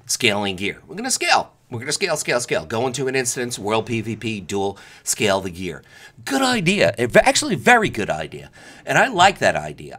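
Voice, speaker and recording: Lively, sarcastic man ranting over gameplay. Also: fairly high pitch. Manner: animated, sarcastic, mocks others with put-on voices. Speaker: gameplay commentator.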